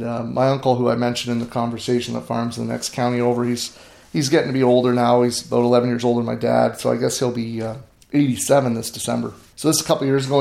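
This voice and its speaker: A man's voice: medium pitch, creaky, darkish tone. A middle-aged grain farmer telling stories in an interview, earnest and emphatic, often restarting his sentences. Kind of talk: storytelling interview talk. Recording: echoey room.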